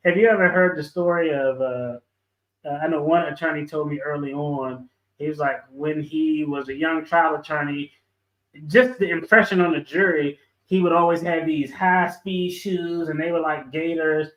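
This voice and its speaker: A man's voice: a little high, fairly even intonation, moderate pace, a bit bright, reverberant, highs cut off. A man, a guest lawyer, chatting casually on a video call and telling stories with a laid-back, chuckling manner.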